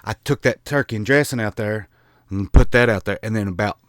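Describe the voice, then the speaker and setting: A man's voice: lowish voice, a little fast, no echo, studio quality. A man from the American South with a Southern accent, chatting casually to camera in a rambling, self-deprecating way with many restarts. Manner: colloquial with mild swearing. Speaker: vlogger.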